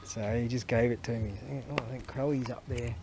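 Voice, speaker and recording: A man's voice: medium pitch, level tone, a little fast, noisy background. A man, chatting casually in a rambling, storytelling way for his vlog, recorded outdoors on a camera mic. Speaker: vlogger.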